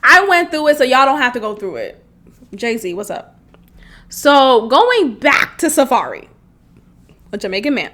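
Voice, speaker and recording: High-voiced woman in her thirties, laughing a lot. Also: a little slow, long pauses. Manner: laughs often, animated and chatty. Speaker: podcast host. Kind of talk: casual comedic monologue.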